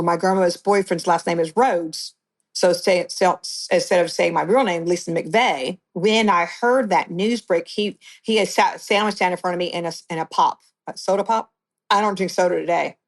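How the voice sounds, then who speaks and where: Middle-aged woman guest, slightly low voice, blunt storyteller who restarts often. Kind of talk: personal account in an interview.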